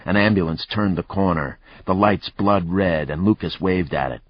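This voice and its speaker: A man narrating a thriller audiobook in a measured, even storytelling manner. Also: low voice. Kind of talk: scripted narration. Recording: dry, slightly muffled recording.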